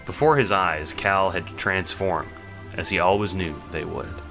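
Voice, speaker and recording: A man reading the narration of an audio drama in a measured storytelling manner. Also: low voice, fairly even intonation, music in the background.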